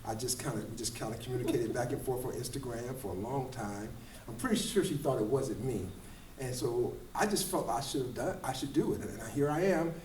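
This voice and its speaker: Middle-aged male choreographer guest, rambling animated storyteller, picked up from a distance in a roomy echoing space. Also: medium pitch, brisk, a little hiss or hum. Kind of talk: casual interview storytelling. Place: large room at a kids fitness camp event. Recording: roomy echo, distant mic, faint ambience.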